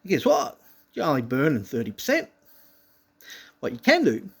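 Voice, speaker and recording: A man talking straight to his viewers in a rambling monologue, swearing constantly, restarting his sentences, and swinging between low mutters and loud outbursts. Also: wildly swooping pitch, normal speed, pauses often, slightly rough. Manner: profane, intense and rambling, with frequent restarts. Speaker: vlogger.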